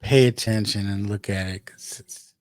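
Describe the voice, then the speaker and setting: A man's voice: lowish voice, steady tone, normal speed, dry recording. A man co-hosting a podcast in casual chat, teasing and wisecracking. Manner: wisecracking, teasing, slips into joke accents. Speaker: podcast co-host.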